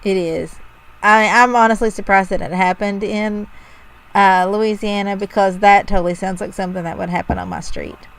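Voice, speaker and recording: A woman's voice: mid-range voice, fairly even intonation, normal speed, gravelly, low-quality recording. A woman co-hosting a podcast in casual chat, wry and self-deprecating as she retells odd news stories. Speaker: podcast co-host.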